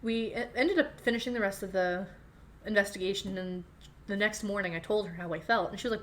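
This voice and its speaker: A woman in casual chat, telling a story in a laughing, animated way. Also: medium pitch, brisk.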